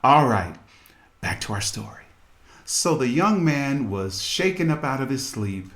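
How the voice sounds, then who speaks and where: A man's voice: mid-range voice, very animated, unhurried, a bit bright. A man hosting a podcast, telling a story and making earnest, preachy appeals to his listeners. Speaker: podcast host and musician. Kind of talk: storytelling radio talk with scripture.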